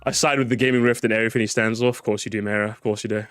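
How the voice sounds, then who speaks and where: A man streaming a reaction, joking sarcastically and swinging between loud outbursts and muttered asides. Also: fairly low pitch, steady tone, rapid-fire, smooth. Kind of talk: casual live-stream reaction.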